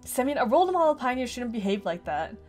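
A woman reading the lines of a stern summer camp leader from a visual novel game, in a reproachful, sharp way. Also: on the high side, big pitch swings, fast, soft background music, pitched above the performer's own voice. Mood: stern scolding.

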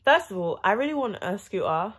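A woman's voice: mid-range voice, brisk. Chatty young woman reacting to music. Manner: chatty, excitable, sings along and laughs. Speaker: reaction video host. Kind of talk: casual music reaction vlog.

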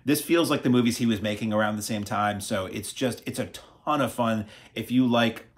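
Low-voiced, chatty man reviewing films. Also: moderate pace. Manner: chatty and upbeat, frequent "uh" fillers, dry self-mocking asides. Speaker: film reviewer. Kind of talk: casual video review.

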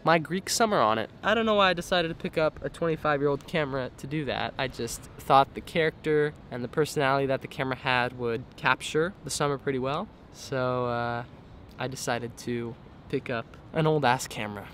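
A man's voice: medium pitch, a little fast, fairly bright tone, a little hiss or hum. A young man vlogging casually from a sailboat, rambling and jokey, his nose still stuffy from a cold. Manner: laid-back, rambling, jokey. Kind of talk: casual vlog talk to camera. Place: aboard a sailboat.

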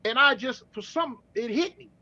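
Middle-aged cali guy, high sharp voice, slangy, keeps restarting, muffled call audio. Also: animated. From California. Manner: slangy, street talk, halting restarts. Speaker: guest. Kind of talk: casual storytelling.

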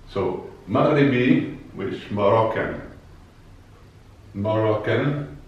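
Slow, careful male Arabic teacher. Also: on the low side. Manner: slow, careful, repeats words for learners. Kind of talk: language lesson. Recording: echoey distant room, dull sound.

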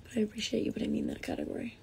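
A woman's voice: mid-range voice, huge pitch swings, racing, vocal fry, warm tone, a little hiss or hum. A young woman from the United States chatting casually on a phone livestream, reading comments aloud and answering them.

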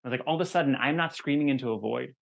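A man's voice: medium pitch, vocal fry, muffled recording. A man with a mid-range voice hosts an interview conversation. He halts and restarts his words often, and his talk is eager. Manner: halting, repeats words, grows excited. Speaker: host.

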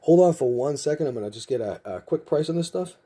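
A man talks casually while he sorts cards for his vlog. He rambles, chuckles, and often restarts his sentences. His voice is mellow, with a husky edge. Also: a little high, animated, fast. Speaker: trading card vlogger. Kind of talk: casual chat and storytelling.

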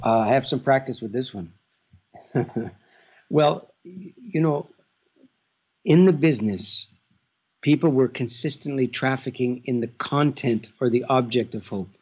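A man speaks in a husky, breathy voice, turning each thought over slowly with drawn-out pauses. He answers from home over a dull, muffled call line that dulls the top end. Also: medium pitch, a little mellow. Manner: measured and contemplative, with stretched pauses. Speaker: guest author. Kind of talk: reflective interview answers.

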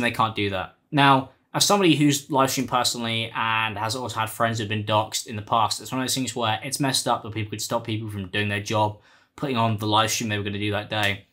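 A man's voice: lowish voice, a bit bright. A man giving blunt, exasperated commentary and swearing casually. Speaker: commentary YouTuber.

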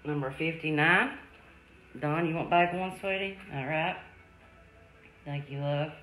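A woman hosts a live-stream jewelry sale in a low, unhurried voice. She chats with viewers by name and calls them love, sweetie and darling. The room is echoey, with a faint hum behind her. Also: fairly bright tone, soft background music. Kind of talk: live-stream selling chat.

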